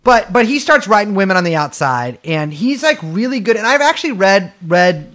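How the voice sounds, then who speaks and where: This podcast co-host has a high, very animated voice with a fairly bright tone and a moderate pace. He rambles and jokes through a casual chat, using lots of fillers.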